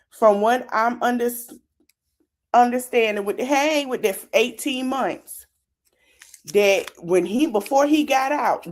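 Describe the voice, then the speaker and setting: A woman hosting a podcast, giving a casual, chatty recap of a reality show and talking straight to her listeners. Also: a little high. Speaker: podcast host.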